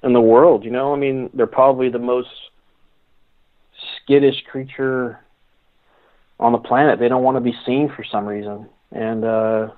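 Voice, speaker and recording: A male guest telling stories in a rambling, halting way, often restarting his sentences. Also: medium pitch, fairly even intonation. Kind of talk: casual storytelling. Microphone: phone call. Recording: phone line.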